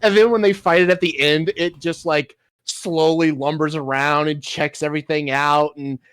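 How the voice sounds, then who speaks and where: A man's voice: a little high, steady tone, moderate pace, a bit bright, clean tone, no echo. A man co-hosting a casual podcast chat, laid-back and chuckling, swearing freely.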